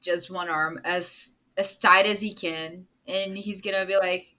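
A woman playing a character in a tabletop game, talking in a slow, playful way and often laughing. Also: fairly low pitch, steady tone, bright, forceful tone, a little hiss or hum. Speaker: player.

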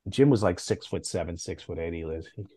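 Animated middle-aged man spinning anecdotes. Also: quick pace, breathy edge. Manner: animated anecdotes, with big jumps in pitch. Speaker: guest, former comics editor. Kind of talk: casual podcast storytelling.

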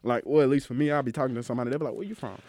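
A man's voice: medium pitch, steady tone, racing, a little mellow, no room sound. A young man from Mississippi with a Mississippi accent, chatting casually and playfully as co-host. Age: young adult. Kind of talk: casual chat.

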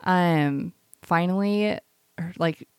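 A woman's voice: lowish voice, takes it slowly, darkish tone, smooth, dry recording. A woman co-hosting a casual podcast chat, rambling through a personal story with a constant "like". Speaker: podcast co-host.

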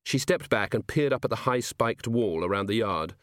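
A man narrating an audiobook in a measured, clear reading voice. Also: lowish voice, expressive, fairly bright tone, no room sound. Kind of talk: scripted narration. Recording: dry close studio sound.

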